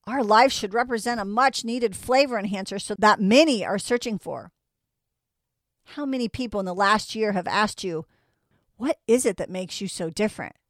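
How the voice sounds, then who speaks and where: A woman's voice: on the high side, dry recording, clean studio sound. A woman preaching a sermon in an earnest way, asking her listeners one rhetorical question after another.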